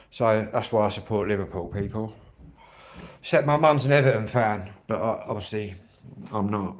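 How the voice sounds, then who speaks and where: With a fairly low voice at a normal speed, a middle-aged Kent man hosts a livestream, rambling casually to his viewers. His chatty talk is packed with fillers.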